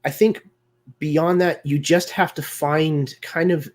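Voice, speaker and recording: A man's voice: on the high side, steady tone, slow pace, darkish tone. A man hosting a live video discussion, talking casually with many fillers and restarts. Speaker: host.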